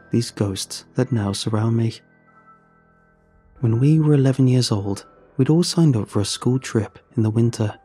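A man's voice: mid-range voice, mellow, husky. A man narrating a first-person story in an earnest, emotional way.

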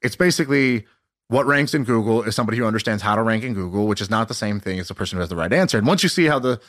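A man in his thirties co-hosting a podcast, telling stories in an animated way and acting out quotes. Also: on the low side, racing. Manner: animated storyteller, laughs often, acts out quotes. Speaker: podcast co-host. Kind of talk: casual chat.

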